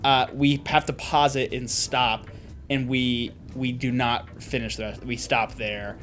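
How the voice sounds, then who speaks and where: A man's voice: medium pitch, level tone, unhurried, a bit bright, a little hiss or hum. Playful rambling man hosting a podcast. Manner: rambling, playful, jumps in with jokes. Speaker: podcast host. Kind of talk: casual movie-review chat.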